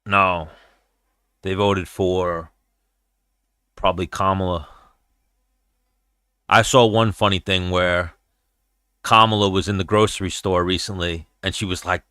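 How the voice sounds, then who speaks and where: A man's voice: low voice, fairly even intonation, unhurried, pauses often, pushed and bright, smooth, dry recording, studio quality. A man hosting a casual livestream chat while watching fights, blunt, profane and rambling. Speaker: podcast host.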